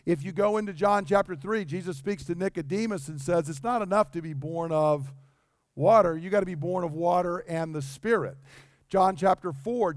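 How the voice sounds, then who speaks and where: A man's voice: sits high, darkish tone, dry recording, studio quality. A man preaching a sermon in a conversational way, acting out the dialogue he quotes. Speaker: pastor.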